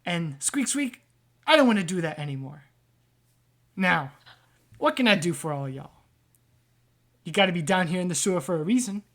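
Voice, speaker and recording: A man voicing a twitchy sewer-dwelling man who squeaks and babbles loudly in a tabletop game. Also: animated. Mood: excited. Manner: high, loud, rapid babble.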